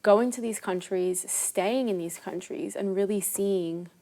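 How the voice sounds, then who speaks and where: A woman's voice: mid-range voice, a little slow, dark tone. A woman in her twenties, a travel influencer and guest, talking earnestly and with emphasis in a casual interview. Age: 20s.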